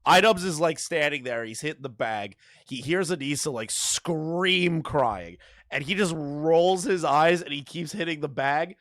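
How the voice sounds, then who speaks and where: A man's voice: on the high side, measured pace, a bit bright, no echo, studio quality. A man doing casual live commentary on a clip, crude and mocking, often laughing. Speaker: streamer reacting to a clip.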